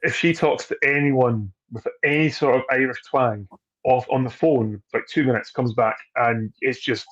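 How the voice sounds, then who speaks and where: A man's voice: medium pitch, fairly even intonation, normal speed, a bit bright, highs cut off. A man, a distillery trade guest chatting casually on a video call, talking freely with restarts and frequent laughs. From Scotland.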